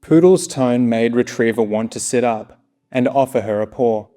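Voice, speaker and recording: A man narrating a story aloud at a live reading, in a steady, soft manner. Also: medium pitch, moderate pace, faint music behind. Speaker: story reader.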